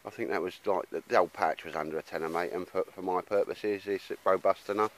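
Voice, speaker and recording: In a woodland setting, a man vlogs about outdoor gear to a handheld camera, chatting in a rambling, blokey way and addressing viewers as "mate." He talks fast in a low voice with fairly even intonation.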